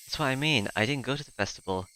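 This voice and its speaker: A man's voice: mid-range voice, lively intonation, quick pace, bright, forceful tone, slight background noise, poor audio. A man voicing a shaken, desperate teenage boy who stumbles and repeats himself urgently. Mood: anxious.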